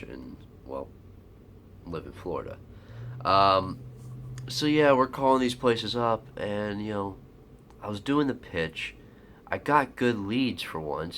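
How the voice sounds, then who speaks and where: A man with a very low, deep voice tells a personal story casually. He rambles, swears bluntly and leans on fillers. A faint background hum sits behind him. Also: fairly bright tone. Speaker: vlogger.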